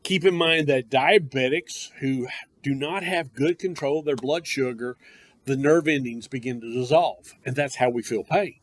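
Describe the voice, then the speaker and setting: A paramedic course instructor leads a classroom lecture, speaking emphatically and conversationally and addressing his students directly. His voice is medium-pitched, at normal speed.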